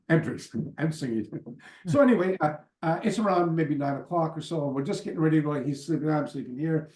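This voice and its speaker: Over a call, an older man who teaches martial arts drifts through casual stories as an interview guest, lively and digressive, with lots of fillers and side remarks. His voice sits on the high side and sounds reverberant.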